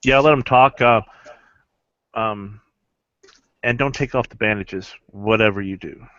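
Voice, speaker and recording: A man playing a tabletop game, haltingly describing what his character does. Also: on the low side, fairly bright tone, dry recording. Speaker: player. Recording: dry, dull lo-fi recording.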